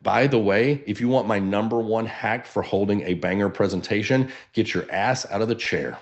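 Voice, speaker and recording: Energetic baritone man with Texan drawl. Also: moderate pace, muffled recording. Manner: energetic, animated, casual. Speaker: real estate coach. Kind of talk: webinar teaching. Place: standing, moving around while speaking.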